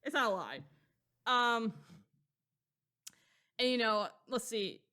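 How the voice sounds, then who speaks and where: Woman, podcast co-host, casual recap, rambling, slangy, swears a lot, laughs easily, slightly high voice. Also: expressive, slow, sharp tone. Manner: rambling and slangy, with frequent profanity; laughs often while telling the story. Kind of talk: casual chat recapping a novel.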